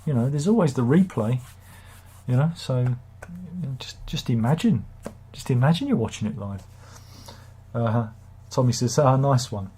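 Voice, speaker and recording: A man's voice: medium pitch, animated, moderate pace, warm tone, a little hiss or hum. A man hosting a live stream, reading chat comments and grumbling sardonically in a rambling, casual way. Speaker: livestream host.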